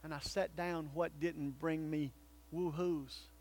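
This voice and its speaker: A male pastor preaching a sermon, swinging between loud calls and hushed, earnest pleading. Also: a little high, fairly even intonation, takes it slowly.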